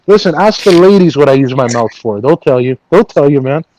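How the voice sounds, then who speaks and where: Young male caller, brags, fills gaps with "hold on", phone mic, highish voice. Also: expressive, brisk, a little mellow, dull audio, slight background noise. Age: 20s. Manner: boastful, keeps saying "listen" and "hold on". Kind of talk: joking call-in banter.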